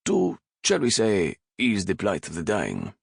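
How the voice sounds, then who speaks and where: A young nobleman with an acid, wry humor, calm and sly amid chaos, as a man voices him. Read in a storybook with a close, dry sound. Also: fairly low pitch, a little slow, gravelly, husky, dry recording, pitched above the performer's own voice, exaggerated voice. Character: wry young nobleman, captain's loyal friend.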